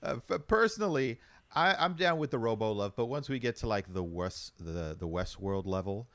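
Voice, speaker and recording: A male podcast co-host with a fairly low voice and a lively, shifting pitch. He delivers wry, deadpan quips during casual comedic banter and laughs along with his partner. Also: normal speed, dry recording.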